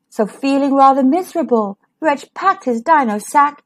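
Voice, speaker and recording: A woman reading a rhyming children's picture book aloud, expressive and sing-song. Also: sits high, normal speed, few pauses. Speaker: children's storyteller.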